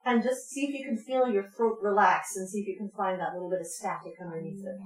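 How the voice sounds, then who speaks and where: A woman's voice: medium pitch, fast talker, music in the background. A woman leading a vocal workshop, talking informally with lots of ums and laughs, and breaking into short sung demonstrations. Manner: chatty, laughs often, many ums, demonstrates sounds. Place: community music space, roomy. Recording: echoey room.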